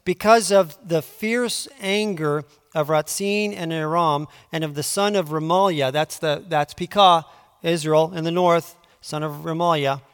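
A man preaching a conversational Bible teaching, moving between quiet asides and emphatic pleading. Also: a little high, measured pace, clear, resonant tone. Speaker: pastor. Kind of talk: sermon. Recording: long hall reverb.

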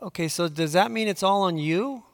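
A man preaching a conversational Bible teaching, moving between quiet asides and emphatic pleading. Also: high voice, normal speed. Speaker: pastor. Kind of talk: sermon. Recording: long hall reverb.

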